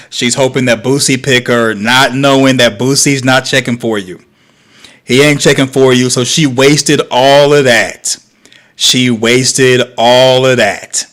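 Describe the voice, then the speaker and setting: A man's voice: mid-range voice, a bit bright. A male streamer comments on clips in a mid-range voice. He is sarcastic and mocking, and lectures his viewers directly. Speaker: host. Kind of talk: livestream commentary.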